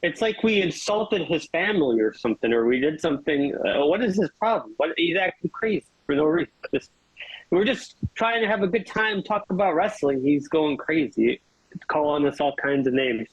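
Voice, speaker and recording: A man's voice: a little high, expressive, normal speed, breathy edge, no room sound. A man co-hosting a wrestling podcast in casual chat, laid-back and easygoing. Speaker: podcast co-host. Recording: dull, dry lo-fi mic.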